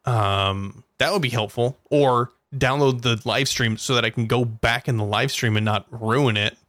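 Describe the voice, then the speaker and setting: A man co-hosting a casual comedy podcast, goofy and excitable, prone to laughing and squealing. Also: medium pitch, normal speed, no room sound. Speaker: podcast co-host. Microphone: studio mic with headphones and compressor.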